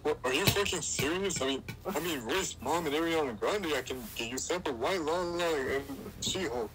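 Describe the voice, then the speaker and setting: A man's voice: a little high, brisk, close to an everyday voice. A man voicing a grumpy, reluctant puppet character who swears and grumbles in a puppet comedy skit. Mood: grumbling. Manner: grumbling, profane. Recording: noisy hissy home recording.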